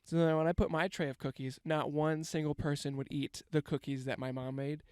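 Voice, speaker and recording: A young man spins a loose, profane comic story full of self-mockery. His voice sits a little high and comes across smooth and clear. The sound is close and dry. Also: fairly even intonation, brisk, a little mellow, dry recording. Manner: rambling, profane, self-mocking. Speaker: comedian. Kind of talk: casual comedic storytelling monologue.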